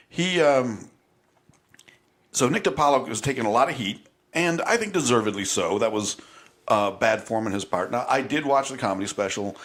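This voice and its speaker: A man's voice: medium pitch, fairly bright tone. A man co-hosting a casual podcast in a studio, talking bluntly and profanely, and mocking others with impressions. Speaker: podcast co-host.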